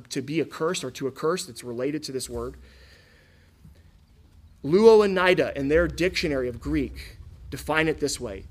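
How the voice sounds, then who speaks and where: A man from Florida preaching a sermon in a casual, conversational way, often asking the listeners questions. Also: on the high side. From Florida, USA. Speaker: pastor.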